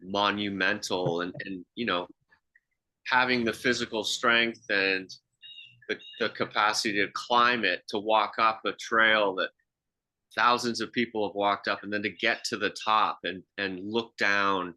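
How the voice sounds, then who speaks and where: A man's voice: lowish voice, steady tone, a little slow, pushed and bright. A man co-hosting a podcast, telling reflective stories in casual chat with frequent restarts. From half Swiss. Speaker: podcast co-host.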